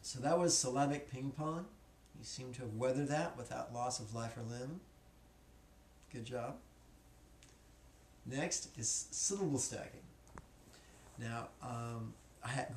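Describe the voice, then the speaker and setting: A man's voice: mid-range voice, measured pace, long pauses, darkish tone. Joking man teaching a class. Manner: joking, slangy and casual. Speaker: spiritual teacher. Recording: echoey room, faint noise.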